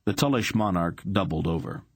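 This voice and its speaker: A man narrating an audiobook with a measured, expressive reading. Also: sits low, husky, no echo. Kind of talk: scripted narration.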